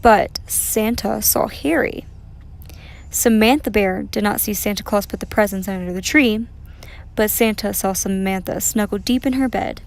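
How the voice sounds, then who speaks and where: A woman reading a children's picture book aloud in a gentle, expressive way. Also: medium pitch, moderate pace, gravelly. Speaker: storyteller. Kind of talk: children's story read aloud.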